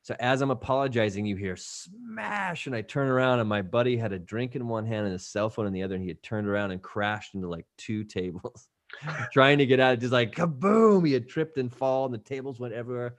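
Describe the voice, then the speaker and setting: Male podcast host, casual animated storyteller, does quick voices, dry booth sound. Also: mid-range voice, no echo.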